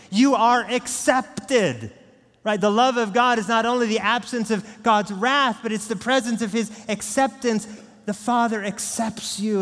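Pastor guy preaching, earnest, goes quiet then loud, big church echo. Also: high voice. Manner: earnest, swings from hushed to raised. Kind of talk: sermon. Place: church sanctuary. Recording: long echo of a large church hall.

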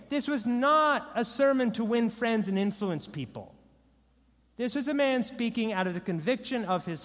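A pastor preaching a sermon to his congregation, swinging from loud proclamation to soft, low pleading. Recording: long reverb of a large hall.

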